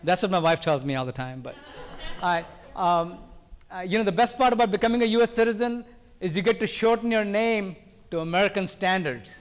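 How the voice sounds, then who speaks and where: Loud, fast-talking older comedian from India. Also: male voice, sits high. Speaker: stand-up comedian. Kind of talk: live stand-up routine. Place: live variety show venue with audience.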